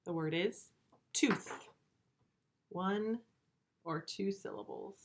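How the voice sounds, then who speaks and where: A woman teaching a first grade video lesson, speaking slowly and clearly, repeating words and encouraging the children. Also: medium pitch, noisy background.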